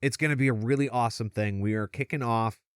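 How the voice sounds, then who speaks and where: A man co-hosting a podcast, chatting casually, animated, and laughing often. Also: mid-range voice, quick pace, clean tone, no room sound, studio quality. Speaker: podcast co-host. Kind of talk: casual chat.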